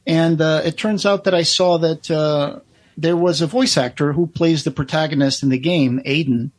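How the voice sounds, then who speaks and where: Man, podcast co-host, casual chat, rambling, fairly high voice. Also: fairly even intonation, normal speed, no echo. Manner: rambling, lots of fillers and restarts, laughs easily.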